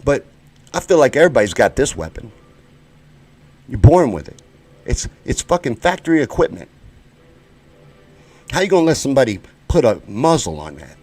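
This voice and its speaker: A man's voice: mid-range voice, sing-song, normal speed, pauses often. Heated, swearing American man ranting live. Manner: heated, profane, swings between shouting and muttering. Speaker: show host. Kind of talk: live-stream rant.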